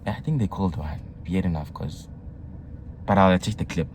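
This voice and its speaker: A young man with a South African accent and a low, deep voice recounts his day in a relaxed vlog, getting excitable and dropping slang and local words as he goes. A faint hiss sits under the recording. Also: normal speed. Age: young adult. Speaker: vlogger. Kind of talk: casual storytelling vlog.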